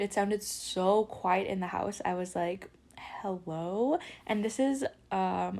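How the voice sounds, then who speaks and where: A woman's voice: medium pitch, gravelly. A young woman hosting a podcast, chatting casually and retelling a spooky story with lots of filler words. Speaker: podcast host.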